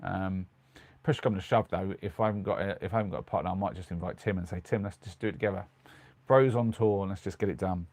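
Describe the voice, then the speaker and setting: Rambling British man, low dry voice. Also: steady tone, fast talker, a little mellow, dry recording. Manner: rambling, lots of ums and restarts, chuckles often. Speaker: live streamer in his van. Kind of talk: casual live-stream chat reading comments. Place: small converted van at night.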